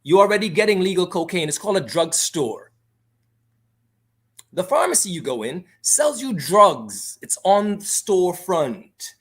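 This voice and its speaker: A man's voice: high-pitched, big pitch swings, a little slow, a bit bright. A man from Grenada, speaking as a guest on a radio talk show in an impassioned, argumentative way.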